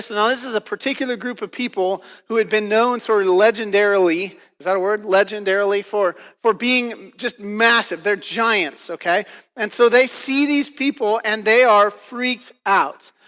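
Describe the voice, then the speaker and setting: In a big-sounding church auditorium, a male pastor with a high, sharp voice delivers a relaxed sermon at a moderate pace. He leans on fillers and repeatedly asks his congregation "right?"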